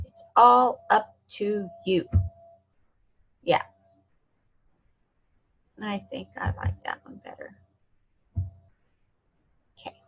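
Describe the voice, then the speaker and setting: A woman giving a screen-share software tutorial in a chatty, encouraging way, talking to herself as she clicks. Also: fairly high pitch, gravelly, breathy edge, low-quality recording. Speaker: online marketing instructor.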